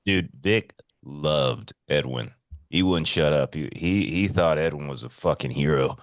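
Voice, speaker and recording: A man co-hosting a podcast in casual chat, excitable and swearing freely, swinging between loud bursts and hushed asides. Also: extremely low pitch, unhurried, no echo, studio quality. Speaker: podcast co-host.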